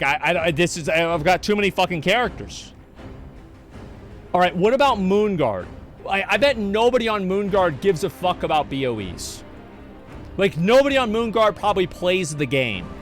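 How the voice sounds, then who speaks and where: A man streaming live, ranting casually and with frequent swearing while he answers chat. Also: mid-range voice. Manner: profane, exasperated ranting.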